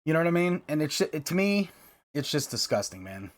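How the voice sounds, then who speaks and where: A man's voice: fairly high pitch, very animated, brisk. A man hosting a card-game video, talking casually and ranting heatedly, with lots of fillers and repeated phrases.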